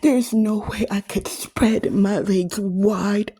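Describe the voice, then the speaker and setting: Slow, husky, distressed woman. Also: mid-range voice, steady tone, mellow. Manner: accusing, repetitive lists, slips into whispers. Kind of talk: emotional monologue to camera.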